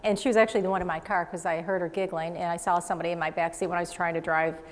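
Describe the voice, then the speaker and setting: A woman psychic medium hosting a show, giving chatty readings to a live studio audience with quick asides and frequent laughs. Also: on the low side, little pitch movement, big-room sound, slight background noise.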